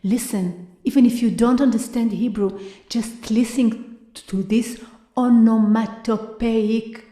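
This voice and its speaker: A woman giving a live lecture-performance, moving between hushed whispers and loud, drawn-out vocal sounds she repeats for effect. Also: fairly high pitch, fairly even intonation. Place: university hall, live before an audience. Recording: echoey live room.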